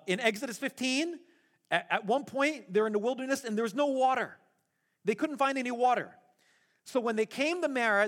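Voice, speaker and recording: A man preaching a sermon as pastor, animated and acting out the voices in the story, laughing at his own retellings. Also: high voice.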